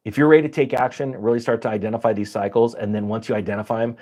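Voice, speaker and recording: A man hosting a finance channel, giving casual, sarcastic commentary over charts with big jumps in pitch for emphasis. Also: steady tone, racing, a little mellow.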